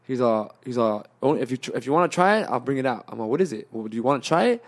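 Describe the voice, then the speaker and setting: A man's voice: mid-range voice, animated, rapid-fire. A young man telling a long story in casual chat, slangy and profane, with lots of restarts. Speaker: podcast guest telling a story.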